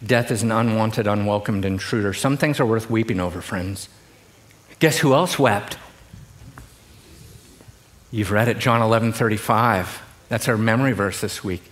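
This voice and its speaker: A middle-aged pastor, preaching a sermon to a congregation in a conversational, joking way. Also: male voice, fairly low pitch, normal speed, pauses often. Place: church in front of a congregation.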